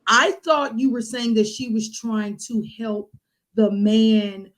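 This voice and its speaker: A woman's voice: on the high side, slow pace, low-quality recording. A woman hosting a casual conversation who cuts in to ask questions about the story.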